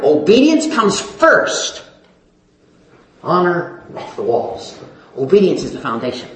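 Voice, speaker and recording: A male preacher delivering a sermon with a high, lively voice that rises and falls dramatically. He pleads and hammers his points home through repetition, and his voice rings through an echoey church sanctuary. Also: measured pace. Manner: pleading, emphatic, repeats phrases for stress. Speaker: pastor.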